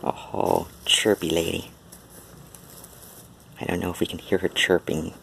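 A man at home filming his cats, talking to them in a soft sing-song baby talk. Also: low-pitched, little pitch movement, a little slow, vocal fry, a little hiss or hum. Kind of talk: casual cooing talk to pets. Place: home indoors. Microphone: handheld camera.

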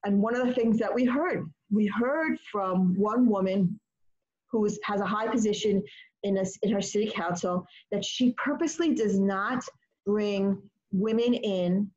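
Expressive woman teacher, muffled audio. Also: medium pitch, a little slow. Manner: expressive, animated retelling. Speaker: teacher leading a study session. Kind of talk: informal teaching talk.

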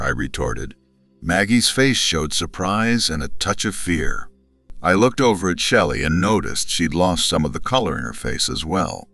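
Deep-voiced man telling a story. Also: very animated, normal speed, creaky, pushed and bright, dry recording. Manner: cold, sarcastic. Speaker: narrator. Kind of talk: first-person story narration.

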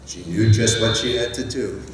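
A man in his sixties reading his rhyming picture book aloud with a lively, rhythmic delivery at a conference. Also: on the low side, normal speed, noisy background. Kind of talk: animated storybook read-aloud in rhyme. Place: conference hall. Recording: roomy hall, mic at a distance.

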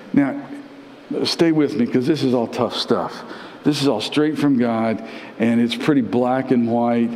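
A male pastor giving a conversational live sermon, repeating phrases and climbing in pitch to press his points. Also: a little mellow, a little hiss or hum. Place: church sanctuary. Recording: roomy church with long reverb.

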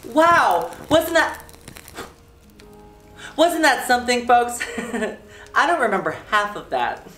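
Campy drag host, lively and unhurried. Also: male voice, extremely high pitch, soft background music. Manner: campy, playful, self-mocking. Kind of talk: comedic makeup tutorial.

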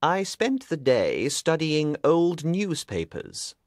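Sherlock Holmes, read by a man, slow and animated. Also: a little high, dry recording, studio quality. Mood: explaining. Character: sharp, determined male detective, adult. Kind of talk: audiobook reading.

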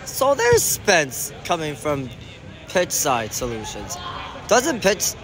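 A man giving excited sideline commentary on an amateur indoor soccer game, shouting and groaning at the plays and calling out to the referee. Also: on the high side, takes it slowly, a crowd in the background.

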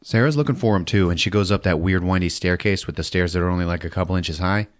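A man's voice: low voice, fast talker. A man hosting a podcast and retelling a movie plot casually, laughing and swearing freely. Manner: profane, laughing, animated retelling. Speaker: podcast host.

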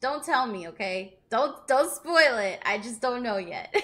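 A woman's voice: on the high side, lively intonation, a little slow, sharp tone. A woman hosting an anime reaction video, talking casually, gushing and laughing often as she reacts. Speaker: anime reaction channel host.

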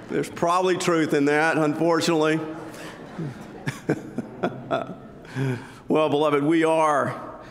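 A man preaching a sermon as pastor, conversational and telling jokes, in a church sanctuary. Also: mid-range voice. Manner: conversational, joking storytelling. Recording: long church reverb.

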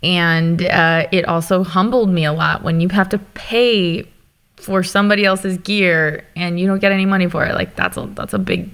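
This lively woman, a company founder and author appearing as a guest, tells candid stories in a conversational style. Her voice is on the low side, clear and resonant, and she's animated, open, and quick to laugh.

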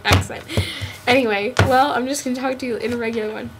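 A woman's voice: a little high, fairly even intonation, fast talker, slight background noise. A young woman, a college student, recording a casual, rambling video message to a friend with a jokey, giggly manner. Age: young adult.

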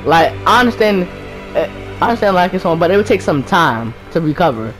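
High-voiced rambling young gaming host. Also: male voice, big pitch swings, a little fast, fairly bright tone, soft background music, low-quality recording. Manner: rambling, restarts, slangy. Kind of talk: casual game commentary.

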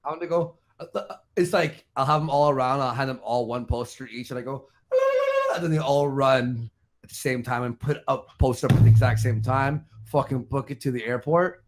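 A man chatting on an online show, crude and provocative, tossing out joking schemes. His voice sits at an ordinary middle pitch. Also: brisk. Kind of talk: casual profane group chat.

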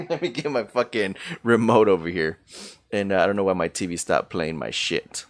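A man's voice: low voice, normal speed, no room sound. A man streaming a game, chatting loosely and profanely and greeting viewers by name from a room at home. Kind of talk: casual chat while gaming.

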